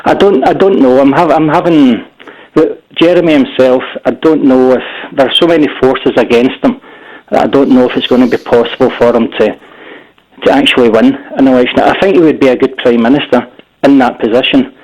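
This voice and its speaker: Scottish caller, bit out of breath, stumbles and repeats himself, mid voice. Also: male voice, mid-range voice, steady tone, a little mellow, highs cut off. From Scotland. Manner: halting, repeats words when starting. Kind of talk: phone-in call.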